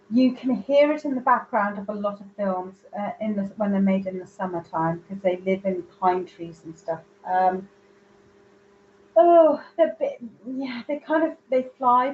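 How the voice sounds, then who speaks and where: A woman's voice: mid-range voice, darkish tone, dull audio, slight background noise. A woman giving live psychic readings, chatty and rambling as she searches for words. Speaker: psychic medium.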